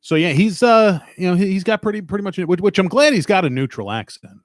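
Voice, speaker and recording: A man's voice: high voice, animated, fast talker, no echo. Profane, teasing New York man. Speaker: podcast host. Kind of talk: casual banter.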